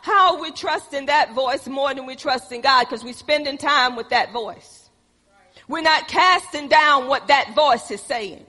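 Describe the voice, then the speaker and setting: A woman preaching a sermon who quotes scripture, asks the congregation questions and answers them herself, and builds up to shouted passages. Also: high-pitched, a little slow. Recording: long hall reverb.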